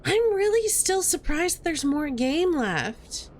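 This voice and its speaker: A woman's voice: very high-pitched, very animated, slow pace, a little mellow, slight background noise. A woman streaming a video game, chatting casually and thinking aloud as she plays.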